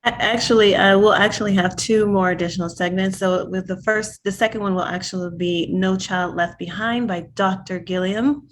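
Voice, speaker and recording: A woman organizer announcing upcoming segments of an event series in a quick, informative way. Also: medium pitch, steady tone, slight background noise.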